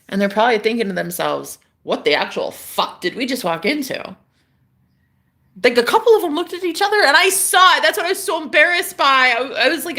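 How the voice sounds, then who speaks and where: Young woman streamer, bright sharp voice, rambling storyteller who swears and jumps from loud to hushed. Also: very high-pitched. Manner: animated, swearing, swings between loud outbursts and hushed murmurs. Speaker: livestream host.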